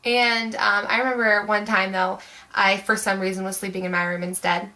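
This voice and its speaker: A woman's voice: medium pitch, flat delivery, normal speed, sharp tone, poor audio. A young woman vlogger telling a story to camera in a chatty, rambling way, full of "like" fillers.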